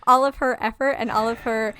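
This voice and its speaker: A woman co-hosting a podcast in casual film chat, animated, swearing freely and acting out quotes. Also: on the high side, fairly quick, a little hiss or hum. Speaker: podcast co-host.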